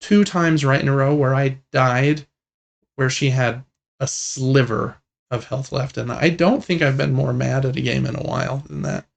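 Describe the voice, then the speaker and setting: A young man co-hosts a laid-back gaming podcast, his mid-pitched voice carrying a gravelly edge. He talks at a moderate pace, rambling cheerfully with plenty of filler words and circling back on himself. He gets visibly excited whenever a favorite game comes up.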